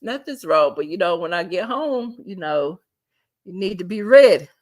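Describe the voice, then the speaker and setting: A woman's voice: on the low side, animated, normal speed, a little mellow, dry recording, studio quality. A woman voicing an exasperated male family boss, scolding and incredulous. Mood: playful.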